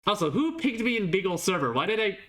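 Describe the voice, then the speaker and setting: A woman's voice: medium pitch, big pitch swings, quick pace. A woman streaming a video game, chatting casually, laughing often and teasing herself. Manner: giggly, self-mocking, apologetic.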